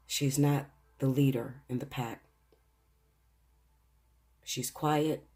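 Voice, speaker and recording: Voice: mid-range voice, darkish tone, breathy edge. A tarot reader giving an earnest spiritual reading and speaking straight to viewers, emotional and fighting back tears at times. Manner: earnest, addresses viewers directly.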